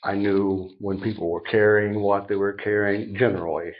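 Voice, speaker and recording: A middle-aged man on a podcast telling a personal recovery story, animated and acting out each side of the dialogue. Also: on the low side, normal speed. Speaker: podcast guest. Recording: dull lo-fi sound.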